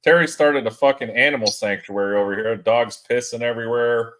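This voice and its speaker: A man's voice: medium pitch, steady tone, a little fast, a bit bright, a little hiss or hum, rough recording. A man hosting a casual chat with friends, swearing freely and laughing often. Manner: loose, profane and laughing. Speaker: podcast host.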